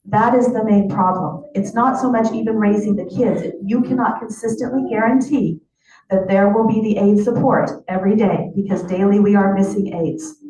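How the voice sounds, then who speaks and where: A woman addressing a school board as a union vice president, reading a teacher's letter in a measured, formal way. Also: medium pitch, steady tone, dark tone, a little hiss or hum. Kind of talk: public comment reading a letter. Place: large public meeting hall. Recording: echoey hall, distant mic, faint ambience.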